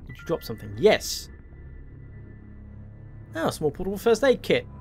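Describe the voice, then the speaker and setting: A man's voice: sits high, wildly swooping pitch, moderate pace, darkish tone. A man playing a horror game and commenting on it, wry and self-mocking as he thinks aloud. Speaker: gameplay commentator. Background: faint game music.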